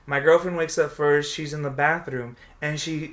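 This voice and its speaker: Podcast host, male, fairly high and bright, loose animated storyteller. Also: moderate pace. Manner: storytelling, animated when quoting people. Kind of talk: casual podcast chat.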